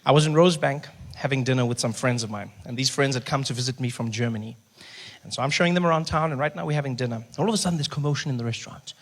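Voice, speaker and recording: A male comedian with a South African accent, telling a story on stage in an animated, self-mocking way, acting out his own nervous thoughts. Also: medium pitch, rapid-fire. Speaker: stand-up comedian. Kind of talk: stand-up storytelling. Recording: live show with audience noise.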